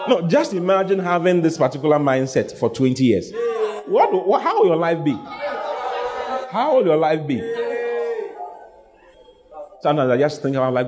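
A man's voice: mid-range voice, big pitch swings, a little fast, long pauses, a little mellow. A man preaching a sermon, speaking emphatically, repeating his lines and having the congregation say them back. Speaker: pastor.

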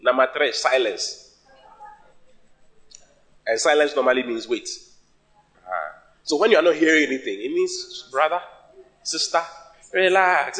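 A man preaching a sermon in English, which is not his first language; he is emphatic and his voice jumps up in sudden high bursts. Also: expressive, normal speed, long pauses, pushed and bright. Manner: sings a hymn line at the start.

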